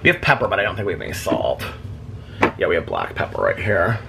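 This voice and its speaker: A man vlogging in his home kitchen, chatting in a rambling, animated way and laughing often. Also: low-pitched, a little fast, vocal fry, pauses often, heavy background noise. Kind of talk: casual chat.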